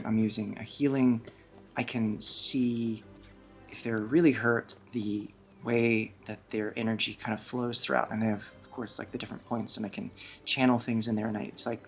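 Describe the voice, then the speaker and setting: This is a man doing a geeky young healer woman in a tabletop game, explaining magic in an excited ramble. She restarts sentences and fills gaps with ums. The voice stays low. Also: creaky. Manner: rambling, halting, full of fillers.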